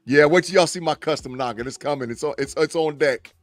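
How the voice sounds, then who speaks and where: A man co-hosting a live sports podcast, excitable and jokingly melodramatic, talking over a call. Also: on the high side, fast, no echo. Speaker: podcast co-host. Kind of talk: casual sports chat.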